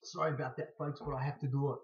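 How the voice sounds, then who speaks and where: A man with a blocked nose from hay fever, answering viewer questions in a casual, halting way with stutters and restarts. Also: mid-range voice, level tone. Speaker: scrap collector vlogger. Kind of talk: casual to-camera Q&A. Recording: dull lo-fi recording.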